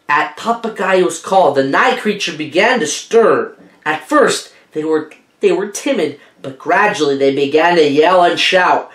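A woman teacher reading a picture book aloud to children, animated, asking her listeners questions along the way. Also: sits low, unhurried. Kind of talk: children's storybook read-aloud. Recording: echoey room.

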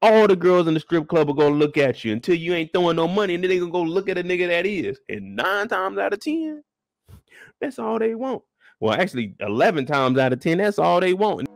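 A man's voice: high-pitched, sing-song, brisk, dry recording. A man ranting about a show in blunt, profane talk, acting out the scenes as he goes. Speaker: show reviewer.

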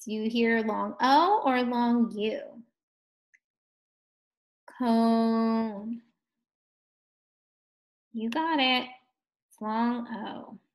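Slow, encouraging first grade teacher woman. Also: fairly high pitch. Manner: slow, encouraging, drawn-out words for children. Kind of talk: phonics lesson for young children.

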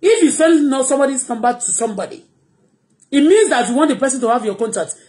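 A Nigerian woman with a Yoruba accent hosting her own live stream, ranting excitably and mixing English with Yoruba. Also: sits high, fast talker. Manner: excitable, switching between English and Yoruba, bursts of shouting and laughter. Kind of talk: animated live-stream rant.

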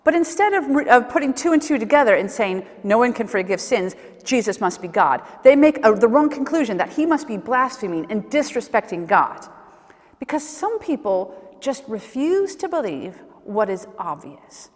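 A woman's voice: a little high, very animated, normal speed. A woman giving a sermon, telling Bible stories vividly and acting out the questions people asked. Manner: vivid storytelling, acts out questions and scenes. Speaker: preacher. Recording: reverberant church hall.

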